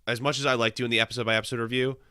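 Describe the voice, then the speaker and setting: A man's voice: mid-range voice, little pitch movement, racing, bright, forceful tone, clean tone, no room sound, clean studio sound. A man co-hosting a podcast while sick, rambling casually with restarts. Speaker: podcast co-host. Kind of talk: casual chat.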